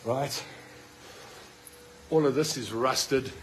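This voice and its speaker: A man's voice: medium pitch, extremely slow, reverberant, long reverb tail, a little hiss or hum, rough recording. A middle-aged South African man, a hospital patient, angrily filming a rant on his phone in a ward. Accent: South African English. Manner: indignant, accusing, fired up. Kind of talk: angry phone video rant. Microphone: phone held by the speaker.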